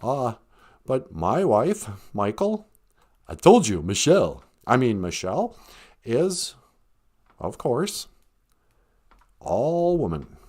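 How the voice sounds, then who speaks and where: A man voicing a former president in a comic impression, halting and stammering as he corrects himself. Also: medium pitch, wildly swooping pitch, darkish tone, exaggerated voice. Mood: flustered.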